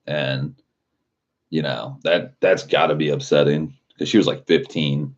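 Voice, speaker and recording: A man with an extremely low, deep voice talks in a loose, rambling way, packing his sentences with filler words and swearing. It sounds like casual live stream chat. The audio is dull and muffled. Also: steady tone, unhurried.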